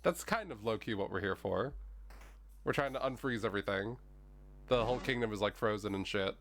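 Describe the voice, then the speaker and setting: A man's voice: fairly low pitch, fairly quick, a bit bright, slight background noise. A man streaming a video game, reading its text aloud and rambling in a casual, chatty way with plenty of "like" and mild swearing. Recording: faint game music underneath.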